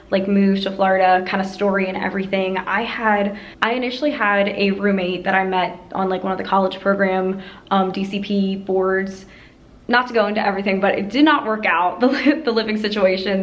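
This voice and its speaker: A woman's voice: mid-range voice, darkish tone. Chatty, sentimental young woman. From Pennsylvania. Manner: chatty, sentimental, often says "like". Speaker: vlogger. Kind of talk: casual heartfelt vlog talk. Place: empty apartment, indoors.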